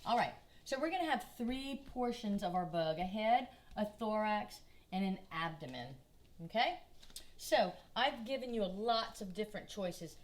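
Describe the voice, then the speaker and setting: A woman's voice: mid-range voice, expressive. Southern lady art teacher, walking little kids through drawing a bug, patient and encouraging. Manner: patient, encouraging, speaks slowly to small children. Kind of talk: kindergarten drawing lesson.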